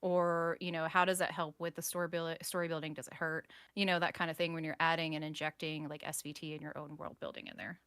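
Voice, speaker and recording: A woman in casual chat, giggly and excitable, asking questions with many fillers. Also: low-pitched, fast, few pauses, clean tone, no echo.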